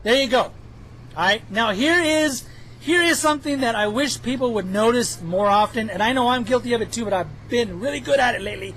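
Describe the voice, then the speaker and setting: A man's voice: very high voice, expressive, normal speed, a bit bright, low-quality recording. A man giving chatty, self-mocking commentary over his own gameplay footage, joking as he goes. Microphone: headphones with mic.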